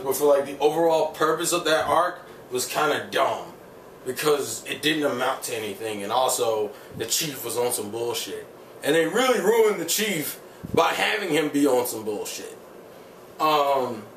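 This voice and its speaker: A man's voice: medium pitch, a bit bright, slight background noise. A man giving a casual, rambling spoken review of an anime episode, heated and profane, with many fillers. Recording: roomy sound from a distant mic, faint ambience.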